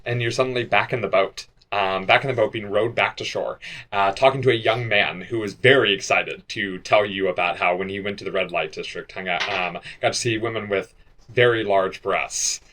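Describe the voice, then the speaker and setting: A man narrating as game master who describes scenes in a halting way, with many fillers. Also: fairly low pitch, sharp tone, slight background noise.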